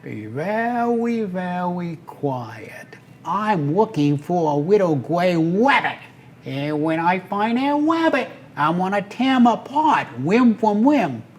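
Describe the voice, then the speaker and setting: A man voicing a bumbling adult male cartoon hunter who talks softly with a lisp, half whispering. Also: high voice, sing-song, slow, a little hiss or hum, pitched above the performer's own voice, exaggerated voice. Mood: sneaky. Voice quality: soft-spoken, lisping speech.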